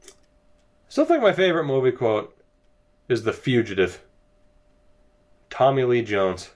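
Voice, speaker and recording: A man's voice: mid-range voice, very animated, a little slow. A young man giving sarcastic, exasperated commentary over a hockey video game as he plays. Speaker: gaming video creator. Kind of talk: let's-play commentary.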